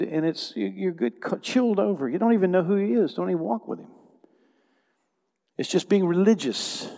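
A man's voice: high-pitched, warm tone. An older man preaching a conversational sermon as pastor, repeating phrases and restarting his sentences. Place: church hall. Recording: long hall reverb.

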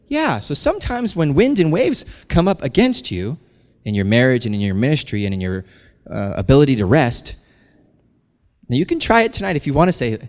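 A pastor in his thirties preaching a sermon, animated, building to loud, intense passages. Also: mid-range voice, normal speed. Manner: animated, climbs to shouting intensity. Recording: long hall reverb.

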